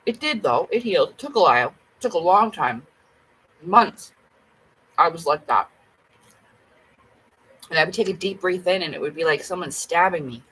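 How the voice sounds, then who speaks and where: A woman's voice: lowish voice, animated, moderate pace, pauses often, a bit bright, breathy edge, poor audio. A woman chatting casually to camera at home, blunt and rambling, with plenty of swearing. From Canada. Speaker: vlogger.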